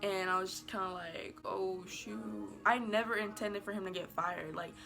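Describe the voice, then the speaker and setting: A woman's voice: medium pitch, steady tone, normal speed, gravelly, bright, forceful tone, soft background music. A woman telling a casual storytime to camera in a chatty, rambling way, full of "like", giggling and bubbly. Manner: chatty and rambling, heavy use of "like"; bubbly and giggly, apologizes playfully. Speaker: vlogger.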